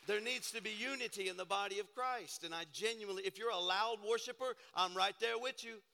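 A man preaching a sermon as pastor, hoarse from shouting, chatty at times and then building to emphatic preaching. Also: high voice, fairly quick, big-room sound, a little hiss or hum.

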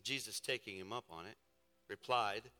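A man's voice: mid-range voice, moderate pace. A male pastor preaching a live sermon, telling playful stories and calling out to the congregation. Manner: storytelling, playful and animated, calls out to the congregation. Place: large church hall. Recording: live sermon in a reverberant hall with faint music.

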